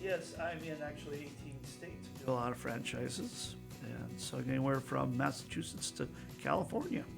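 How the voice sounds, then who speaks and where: Gravelly-voiced easygoing man guest. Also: medium pitch, animated, moderate pace, few pauses, music in the background. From northern Minnesota. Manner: easygoing, hesitant with fillers, soft-spoken. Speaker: insurance agent guest. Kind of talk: casual interview chat. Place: community radio studio.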